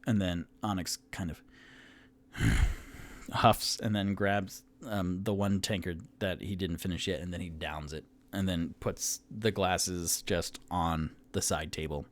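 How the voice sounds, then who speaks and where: A man's voice: sits low, fairly even intonation, a little slow. A man running a tabletop game on his own, narrating casually with many fillers. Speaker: game master and sole player.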